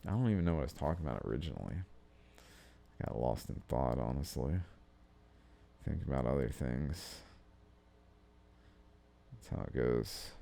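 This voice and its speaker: A man's voice: a bass voice, animated, normal speed, creaky, long pauses, dark tone. A man hosting a solo podcast, rambling through his thoughts in a meandering, self-interrupting way and swearing casually. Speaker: podcast host. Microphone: studio-style podcast mic.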